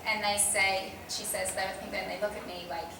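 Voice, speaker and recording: A woman in her forties talks easily and laughs often while answering fan questions. Her voice carries through a large, echoing hall from some distance away. Steady background noise sits under every word. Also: mid-range voice, moderate pace. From Australia. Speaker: convention panel guest. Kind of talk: casual Q&A chat. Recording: echoey hall, from far off, noisy.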